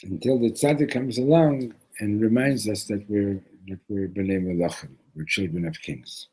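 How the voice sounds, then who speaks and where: A man's voice: fairly low pitch, moderate pace, warm tone, breathy edge, low-quality recording. A man teaching a religious lesson through a parable, loose and conversational with restarts and Hebrew terms. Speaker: Torah teacher. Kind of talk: storytelling lesson.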